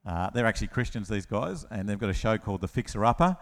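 A man preaching a lively children's-talk sermon, telling the story with playful asides and acted-out voices. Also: on the low side, quick pace. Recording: long hall reverb.

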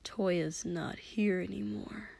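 A woman voicing a scarred, menacing young man who speaks in slow, hushed, breathy tones with eerie cackles. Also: mid-range voice, lively intonation.

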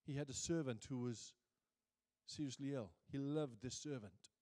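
A man preaching a sermon, moving from quiet reflection to booming emphasis and reading scripture slowly. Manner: reads scripture aloud slowly.

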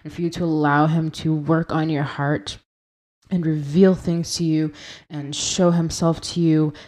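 A woman's voice: low-pitched, flat delivery, unhurried, a little mellow. A young woman hosting a Christian devotional podcast, talking earnestly and conversationally as she quotes and explains scripture, sometimes laughing at her own pronunciation. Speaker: podcast host.

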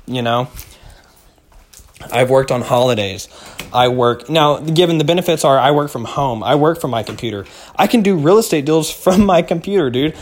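A man's voice: mid-range voice, a little fast. A young man from the United States hosting a casual solo podcast, laid-back and slangy, often calling the listener "man" or "dude". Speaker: podcast host.

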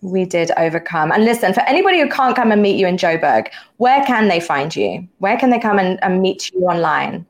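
A woman's voice: fairly low pitch, fairly quick, few pauses. Giggly woman podcast host. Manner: giggly, animated storyteller. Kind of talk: casual interview chat.

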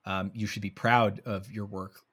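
A man co-hosting a casual movie podcast, rambling with many fillers and trailing off softly. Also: on the low side, level tone, moderate pace. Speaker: podcast co-host. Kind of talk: casual movie review chat.

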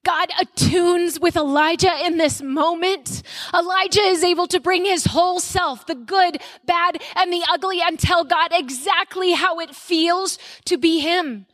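A woman speaker giving a conversational sermon to mothers at a conference, telling personal stories with animated delivery. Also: extremely high pitch, a little slow, no echo. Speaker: mother of young children.

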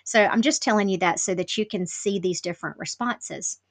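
A woman talks through her own podcast episode alone in a loose, conversational way, her voice sitting in a middle pitch. She is candid and self-deprecating. Her speech is dotted with casual "like" fillers. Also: fairly quick, no echo. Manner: chatty, lots of "like" fillers. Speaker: podcast host. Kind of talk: casual solo podcast talk.

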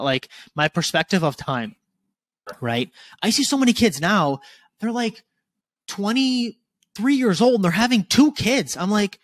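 A man in his twenties talking candidly as a podcast guest, casual and animated, swearing freely. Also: fairly high pitch, no room sound. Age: 20s.

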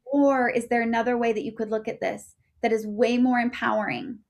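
A woman in her thirties, a podcast guest telling a personal story in a chatty way, full of fillers and getting loud when excited. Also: a little high, brisk, creaky.

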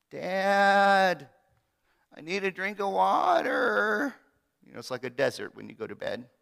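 Bright-voiced preacher in a reverberant hall. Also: male voice, medium pitch. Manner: dramatic, swings between loud and hushed. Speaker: pastor. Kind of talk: sermon.

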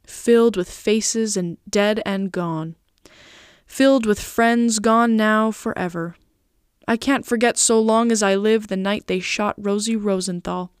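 A woman voicing a brooding, sentimental old male gangster who talks slowly and gloomily. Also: mid-range voice, sing-song, dry recording, clean studio sound, lightly acted.

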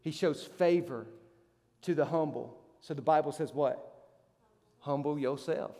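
High-voiced preaching man in echoing hall. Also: normal speed, warm tone. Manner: emphatic, rising sharply on rhetorical questions. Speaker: pastor. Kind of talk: sermon.

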